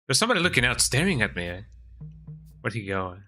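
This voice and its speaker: A man's voice: medium pitch, very animated, fairly quick, sharp tone, faint music behind. A man streaming a game, chatting casually, often ending sentences with "eh?" and talking to his cat. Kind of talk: casual gameplay commentary.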